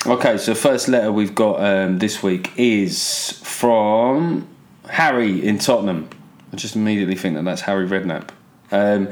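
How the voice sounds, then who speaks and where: A man's voice: lowish voice, unhurried. An English man hosting a solo podcast, rambling in a sweary, sardonic way through politics, plugs and listener letters. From England. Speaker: podcast host. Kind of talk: casual solo podcast monologue.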